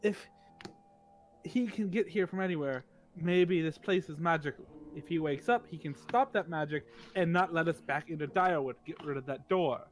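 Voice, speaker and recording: A man's voice: fairly high pitch, normal speed. A man playing a tabletop game, insistently arguing his point and describing his moves. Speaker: player. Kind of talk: casual tabletop play.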